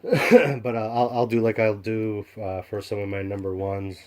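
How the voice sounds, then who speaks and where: A man casually showing off comic books in a rambling vlog, excited and full of fillers and restarts. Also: fairly low pitch, normal speed. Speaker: comic book collector vlogger. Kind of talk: casual show-and-tell vlog.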